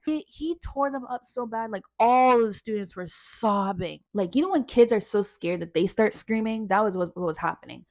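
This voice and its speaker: A young woman from Canada in a casual storytime vlog, telling her story in an animated way and acting out what other people said. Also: a little high, normal speed, no echo, studio quality.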